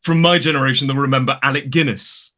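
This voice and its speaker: A middle-aged man with a British accent talks at easy length, wandering from point to point with plenty of fillers and restarts. His voice sits at an ordinary pitch but has a bright, forward edge. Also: steady tone, quick pace. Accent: British English. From United Kingdom. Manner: chatty, digressive, with many restarts and fillers. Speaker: English teacher guest. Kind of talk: casual conversation.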